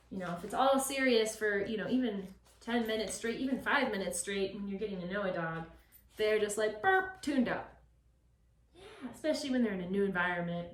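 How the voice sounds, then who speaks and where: A woman dog trainer explaining a puppy session, switching between calm explanation and high, bright praise for the dog. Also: slight background noise. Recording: echoey, from a distance.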